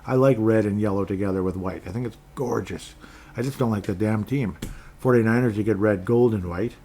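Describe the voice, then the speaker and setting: A man's voice: lowish voice, brisk, dark tone, a little hiss or hum. A man from Minnesota hosting a sports podcast, rambling casually with sarcastic asides and frequent restarts.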